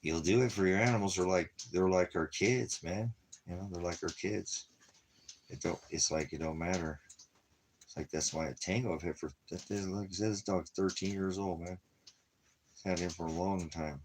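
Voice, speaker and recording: A middle-aged man with a very deep, low voice talks loosely and at length, circling back over his points. The recording carries a faint noise underneath. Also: steady tone, normal speed. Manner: rambling, repeats himself, lots of "you know". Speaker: ministry vlogger. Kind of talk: casual chat.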